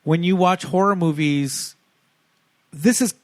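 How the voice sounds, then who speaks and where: Male podcast co-host, slightly high voice, dry close sound, animated and laughing. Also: slow, dry recording. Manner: animated, laughs often, frequent fillers. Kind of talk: casual chat.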